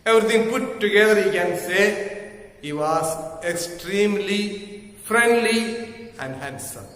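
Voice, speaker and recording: A male English literature teacher explaining a story in a deliberate way, repeating key phrases and spelling words out letter by letter. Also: high voice, animated, fairly bright tone. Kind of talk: classroom lesson explaining a story. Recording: heavy echo with long hall reverb.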